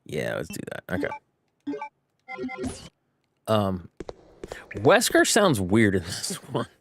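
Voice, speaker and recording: A man's voice: fairly low pitch, huge pitch swings, slow pace, vocal fry, over music. A man rambling through casual gameplay commentary, often stopping to correct himself. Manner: rambling, self-correcting, chatty. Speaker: streamer.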